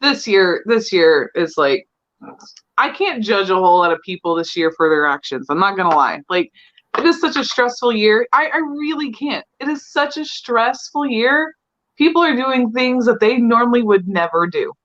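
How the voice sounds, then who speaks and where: A woman's voice: on the high side, lively intonation, moderate pace, fairly bright tone. A young adult woman chatting candidly as a podcast co-host. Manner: candid, chatty, laughs often. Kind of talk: casual chat. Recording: dull lo-fi sound.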